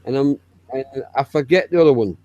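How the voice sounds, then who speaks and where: A man's voice: mid-range voice, a little fast, dark tone, dull audio. A man from Yorkshire with a Yorkshire accent, chatting casually and joking with swearing and playful northern storytelling. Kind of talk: casual chat with banter.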